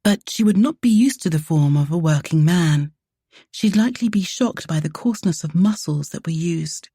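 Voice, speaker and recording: Soft, dark-voiced woman narrator. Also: on the low side, expressive, normal speed, breathy edge, no echo, clean studio sound. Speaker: audiobook narrator. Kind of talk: scripted romance narration.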